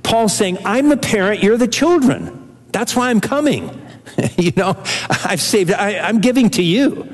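An older male pastor preaching a sermon to his congregation. His voice sits somewhat high and carries an earnest, animated energy, broken by fillers and restarts. The sound rings with the long reverb of a large hall. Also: unhurried.

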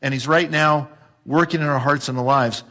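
A man preaches to his congregation in a church, his voice sitting a little high. He hammers his points with repetition and rhetorical questions. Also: fairly even intonation, moderate pace, bright, forceful tone. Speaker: pastor. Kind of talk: sermon.

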